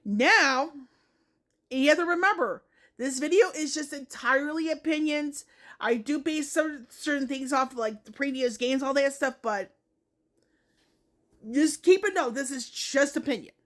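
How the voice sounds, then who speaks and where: A woman's voice: high-pitched, a little slow, fairly bright tone. A woman giving her opinions in a casual gaming vlog, talking in a rambling way and correcting herself often. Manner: rambling, self-correcting, many hedging asides. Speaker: gaming vlogger.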